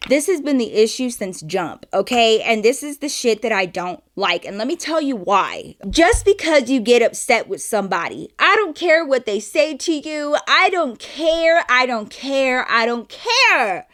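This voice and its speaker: A young woman telling a story to her viewers in a casual, animated way, swearing freely and calling them y'all. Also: on the high side, normal speed, hardly any pauses.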